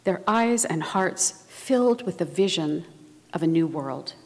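A woman preaching a sermon in a measured, reflective way. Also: on the low side, lively intonation. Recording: long reverb of a large hall.

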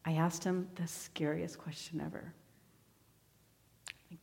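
A woman in her forties telling a personal story as a sermon in church, candid and quick with self-deprecating asides. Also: low-pitched, level tone, vocal fry, mellow. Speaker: church member giving a sermon. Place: church sanctuary. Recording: long hall reverb.

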